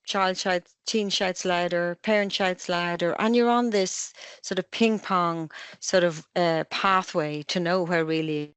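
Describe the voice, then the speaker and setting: A middle-aged Irish woman, a family psychotherapist, calmly explaining parenting ideas with analogies in an online webinar. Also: lowish voice, clear, resonant tone, dry recording. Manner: calm, measured explaining with analogies.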